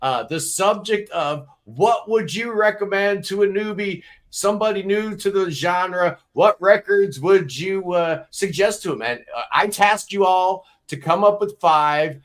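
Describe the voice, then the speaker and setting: A man's voice: high voice, a little slow, few pauses. A man hosting a casual live-stream panel chat, introducing his guests in a chatty, upbeat, teasing way. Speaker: host.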